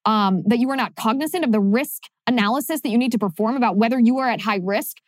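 A woman's voice: on the high side, fast, dry recording, studio quality. Sarcastic woman podcast host. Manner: sarcastic, emphatic. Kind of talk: opinionated commentary monologue.

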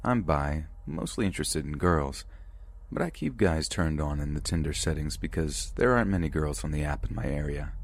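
A man reading submitted true scary stories aloud in the first person as a podcast narrator, in a steady, measured way. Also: a bass voice.

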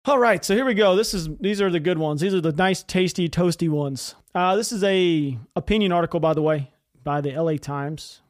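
Fast-talking angry man. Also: high voice, no room sound. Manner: heated, profane, fast-talking. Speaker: podcast host. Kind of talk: ranting political commentary.

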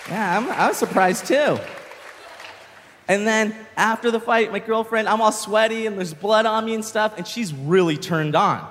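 Young guy doing stand-up, pretty high voice, shouty bits, big reverby hall. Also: normal speed, a faint crowd, a little hiss or hum. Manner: animated storytelling, shouting punchlines. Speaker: stand-up comedian. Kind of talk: stand-up comedy set. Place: comedy stage with live audience.

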